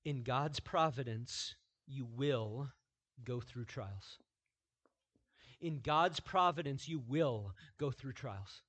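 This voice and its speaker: A man's voice: mid-range voice, slow pace, pauses often. Emphatic man preaching a sermon. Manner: emphatic preaching that swings from quiet to loud, repeating phrases. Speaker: pastor.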